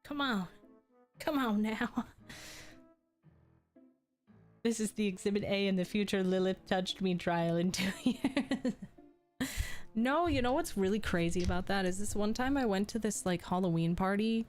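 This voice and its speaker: A woman's voice: medium pitch, unhurried, long pauses, a little mellow, soft background music. A young adult woman streamer telling crude jokes and stories in casual chat. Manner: crude, joking storytelling, laughs often.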